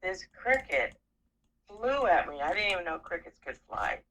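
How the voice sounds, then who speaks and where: A middle-aged woman chatting casually with family, telling stories with lively swings and the odd curse. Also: lowish voice, normal speed, low-quality recording. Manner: animated storyteller who swears freely. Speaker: aunt.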